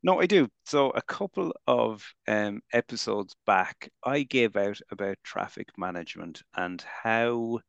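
A man's voice: lowish voice, expressive, measured pace, creaky, few pauses, dry recording, lo-fi sound. An Irish man co-hosting a podcast in casual chat, chatty and laughing often, trailing off mid-thought. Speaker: podcast co-host.

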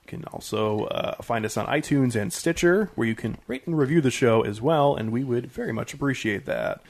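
A man's voice: medium pitch, expressive, moderate pace, creaky. Casual joking podcast host, a man.

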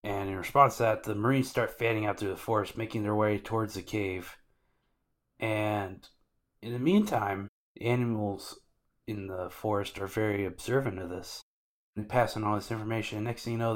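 A man's voice: on the low side, steady tone, moderate pace. A man co-hosting a podcast, casually recapping anime episodes in loose slangy talk and acting out the characters' lines.

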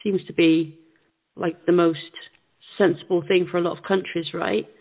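A woman co-hosting a casual call-in talk show, chatting in a relaxed, agreeable way. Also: on the low side, normal speed, husky. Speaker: co-host. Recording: phone line.

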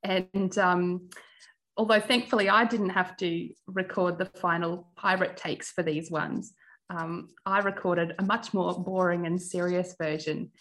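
A woman's voice: lowish voice, steady tone, a little slow, a bit bright, rough recording. A woman who teaches music, a guest in a podcast interview, talking cheerfully and chattily with frequent ums and laughs. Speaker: guest, primary music teacher and Braille educator. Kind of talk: casual interview.

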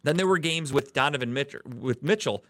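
A man's voice: medium pitch, fairly quick, fairly bright tone, no room sound, studio quality. A man from the Cleveland area hosting a casual sports podcast, ranting heatedly and swearing often. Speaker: podcast host.

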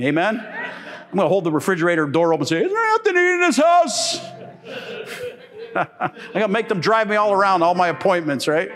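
A middle-aged man preaches a sermon in an animated, joking manner, breaking into sudden high exclamations and laughter.

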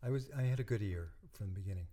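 An older man, a musician and dentist, chatting as an interview guest and telling stories in a relaxed way that often trails off softly. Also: on the low side, very fast. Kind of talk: casual interview talk.

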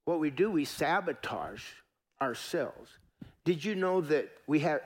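A man's voice: a little high, animated, measured pace. A middle-aged man preaching a sermon as pastor, folksy and emphatic, repeating phrases and talking to the congregation.

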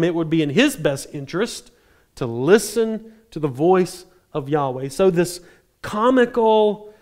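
Casting: a male preacher with a slightly high voice, casual and wry, telling a scripture story to a congregation. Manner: conversational, animated retelling with dry humor. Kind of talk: sermon.

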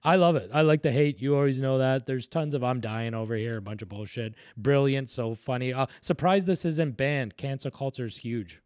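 Brief: Canadian co-host, mid-pitched, wry swearing, dry close mic. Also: male voice, normal speed, hardly any pauses, a little mellow, no room sound. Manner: wry, profane banter. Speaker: podcast co-host. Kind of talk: casual chat, reading fan comments.

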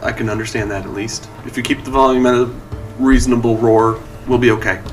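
A man's voice: medium pitch, steady tone, fast talker, distant mic, soft background music, lightly acted. A man voicing a dignified young woman adventurer who speaks formally and reproves others dryly. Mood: reserved.

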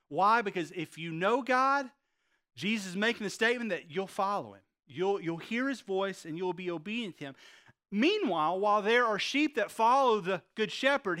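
A man's voice: sits high, pushed and bright. A male pastor preaching a sermon, retelling a story and asking the congregation rhetorical questions, often repeating words as he goes.

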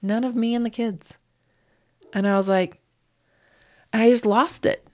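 A woman's voice: fairly high pitch, fairly even intonation, unhurried, darkish tone. A woman guest telling a painful personal story in an interview, raw and grieving, her voice surging up when upset. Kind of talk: emotional interview.

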